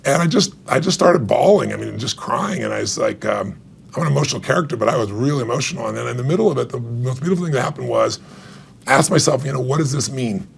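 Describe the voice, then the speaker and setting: A middle-aged man, an author being interviewed, telling an emotional story with animated retold dialogue and frequent laughs. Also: medium pitch, fast talker, vocal fry, slight background noise. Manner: animated, acts out quoted dialogue, laughs often. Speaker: author and guest.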